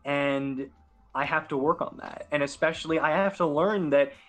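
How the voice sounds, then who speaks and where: A man's voice: fairly high pitch, normal speed, fairly bright tone. Earnest young man rambling anxiously. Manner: earnest, rambling, self-doubting. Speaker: podcast guest and sports announcer. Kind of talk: casual podcast chat.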